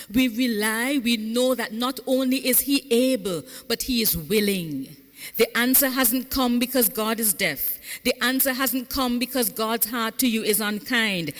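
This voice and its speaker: A woman preaches to her congregation with a bright, forceful voice, calling out for answers and swelling into sung cadences. Her voice rings through a large church sanctuary with a long, echoing reverb. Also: mid-range voice. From Saint Vincent and the Grenadines. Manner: call-and-response preaching, rising into fervent sung cadences. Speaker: pastor. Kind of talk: sermon. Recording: echoey church hall.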